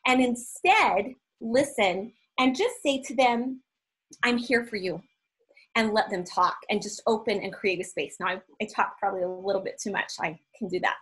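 A woman's voice: medium pitch, normal speed, few pauses, a bit bright, slightly rough, low-quality recording. A woman on a video call, speaking in an earnest, heartfelt way, teary and emotional. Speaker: panelist giving prayer. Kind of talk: prayer and panel talk on video call.

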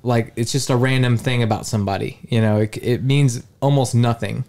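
A man's voice: mid-range voice, steady tone, brisk, creaky, darkish tone. Easygoing, offhand man. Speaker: podcast co-host. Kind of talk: casual chat.

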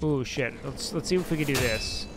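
A young man chatting casually on a game stream, rambling and swearing, with sudden excited outbursts. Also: mid-range voice, normal speed, vocal fry. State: sleepy. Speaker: livestreamer. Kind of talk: casual gaming stream chat.

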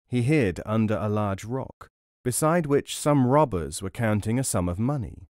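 A man's voice: lowish voice, expressive, moderate pace, a little mellow, no echo. Man reading folk tales, dry close sound. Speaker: storyteller. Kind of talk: audiobook storytelling.

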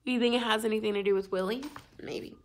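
A woman's voice: on the high side, fairly even intonation, fast, background noise. A young adult woman teacher reading a storybook aloud to her class, playful and full of asides.

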